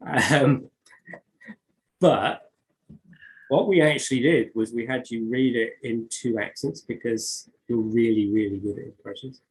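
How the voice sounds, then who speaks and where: A man chats about his writing in a halting way, full of ums and restarts. Then he reads his own poems aloud with measured care. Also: medium pitch, low-quality recording. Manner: hesitant, many fillers and restarts. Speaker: poet and author. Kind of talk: conversational interview, reading poetry aloud.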